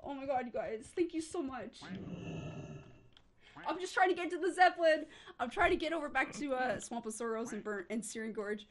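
Overwhelmed and close to tears, a woman livestreamer gushes thanks to her chat over and over, repeating thanks and exclamations. Her voice is high, at a moderate pace with frequent pauses, and the recording has a little hiss or hum.

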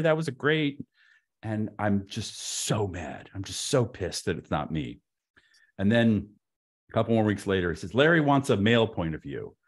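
A man in his fifties, a podcast guest telling an anecdote in an animated way, with frequent stammered restarts. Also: fairly low pitch. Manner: stammering restarts, lively and expressive.

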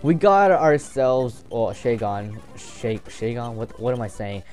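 Commenting casually on his game, a young gameplay commentator speaks unhurriedly at a middle pitch, excitable and loose, swearing freely and joking to himself. Game music plays faintly underneath.

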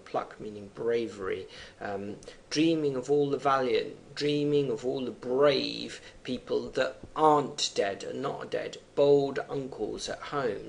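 A man with a gravelly voice, the pitch sitting in the middle for a man, talks a class through a poem, stopping to reread lines and explain words as he thinks aloud. Soft background noise runs under the recording. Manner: unscripted, thinking aloud with fillers between readings. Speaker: teacher.

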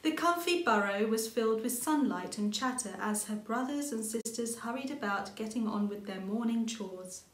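A woman's voice: on the high side, lively intonation, moderate pace, few pauses. A woman, the author, reading her own children's picture book aloud in an inviting storytelling manner. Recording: roomy echo.

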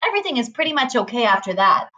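A woman's voice: fairly high pitch, sing-song, fast talker, bright, forceful tone. A woman reading a novel aloud in a casual, conversational first-person narration. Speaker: reader.

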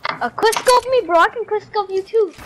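A young gamer in casual voice chat, goofy and excitable, calling everyone bro and yelling in bursts. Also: extremely high pitch, moderate pace, background noise. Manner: says bro a lot.

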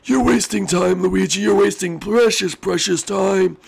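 A man's voice: high-pitched, unhurried, creaky, breathy edge, pitched above the performer's own voice, full character voice. A man doing a stammering, timid little ghost. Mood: guilty. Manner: stammering, fearful. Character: timid male ghost, jumpy, guilt-ridden.

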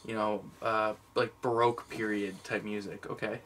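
A man's voice: on the low side, flat delivery, normal speed, fairly bright tone, a little hiss or hum. A man co-hosting a giveaway video, chatting casually and joking, drawing out his punchlines. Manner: goofy, drawls his punchlines. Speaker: co-host of a movie giveaway channel.

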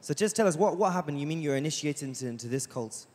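A man interviews a church guest with calm, probing questions and recaps her answers. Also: a little high, fast, in a large hall.

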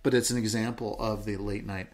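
A man co-hosting a podcast, talking through his ideas with stories and sometimes dropping into a slow, low, calm voice to show how it works. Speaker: podcast co-host. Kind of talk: casual podcast chat.

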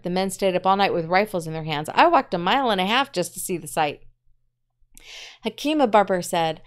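A woman literature teacher reading a story aloud and pausing to explain it in short asides. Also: lowish voice, clear, resonant tone.

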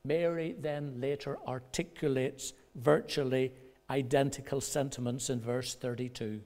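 A male pastor preaching a sermon in a measured way, pausing for effect and rising in pitch when he quotes others. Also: fairly even intonation. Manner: measured preaching with dramatic pauses; rises in pitch and loudness when quoting voices. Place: church.

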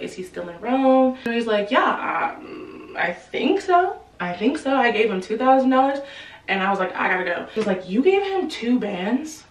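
A woman casually retelling a novel's plot in a chatty, slangy way, quickly acting out the characters' lines. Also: medium pitch, roomy sound, distant mic, rough recording. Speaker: book explainer. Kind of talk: casual book recap.

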